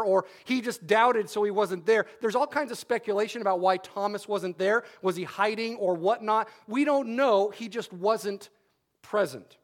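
A man preaching a sermon, repeating key phrases for emphasis and adding wry humorous asides. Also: high voice.

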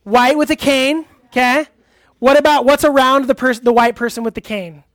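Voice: high voice, steady tone, normal speed, a bit bright, dry recording, studio quality. Chatty preacher questioning the audience. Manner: laughs easily, uses many fillers. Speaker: youth pastor. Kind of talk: interactive sermon. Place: church hall with a live audience.

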